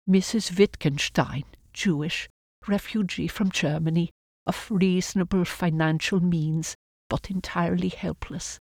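A woman's voice: deep voice, fairly even intonation, measured pace, a little mellow, no room sound, clean studio sound. A reader voicing a poised refugee woman from Germany who gives formal, composed answers to officials. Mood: pleading.

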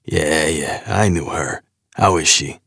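A man voicing a gruff older New York man with a New York accent, answering the phone tersely. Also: extremely low pitch, slow, fairly bright tone, dry recording, clean studio sound, heavily acted. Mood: guarded.

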